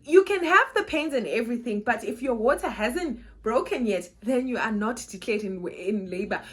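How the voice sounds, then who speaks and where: Animated South African woman vlogger. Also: on the high side. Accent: South African, Xhosa. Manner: animated, laughing, switching between English and Xhosa. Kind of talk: casual storytelling vlog.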